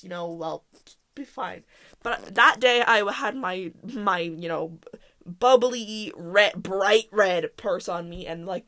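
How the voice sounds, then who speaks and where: A woman's voice: mid-range voice, pushed and bright. Young adult woman, solo podcast host, casual chatty storyteller who rambles and laughs a lot.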